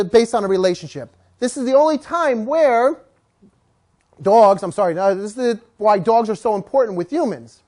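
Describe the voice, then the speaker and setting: A man who trains dogs, teaching a class and telling lively stories while joking with the audience. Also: sits high. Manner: animated storytelling, jokes with the audience. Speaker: dog trainer.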